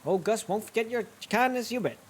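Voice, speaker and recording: An easygoing old hobo man from a game, drawling slowly and contentedly, as a streamer voices him. His voice swings lively up and down. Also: medium pitch, pitched above the performer's own voice, lightly acted.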